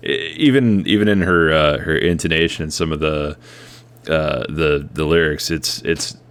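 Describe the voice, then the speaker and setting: A man's voice: extremely low pitch, measured pace, clear, resonant tone. A man co-hosting a podcast, chatting casually and hesitantly about music. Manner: relaxed, hesitant, many fillers. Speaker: podcast co-host. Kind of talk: casual chat.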